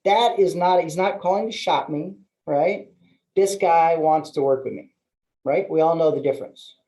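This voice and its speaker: A middle-aged man hosting a webinar, telling stories and acting out phone calls with sudden high-pitched bursts. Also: moderate pace, warm tone, poor audio. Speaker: webinar host, loan officer. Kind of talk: animated webinar talk.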